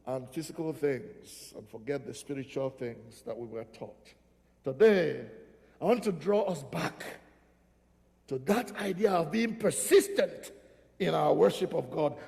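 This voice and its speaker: A man's voice: high-pitched, vocal fry. A man preaching a sermon as pastor, emphatic and repeating phrases for stress. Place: church sanctuary. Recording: reverberant church hall.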